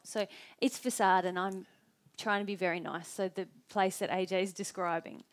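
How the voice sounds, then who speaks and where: Woman, middle pitch, measured teaching voice, quotes inner thoughts. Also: steady tone. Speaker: co-host. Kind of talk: conversational teaching talk.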